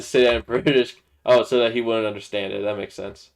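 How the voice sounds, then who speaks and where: A man's voice: lowish voice, fairly even intonation, brisk, vocal fry. A young man hosting a casual gaming livestream, hesitant and stammering, with lots of fillers. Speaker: streamer and host.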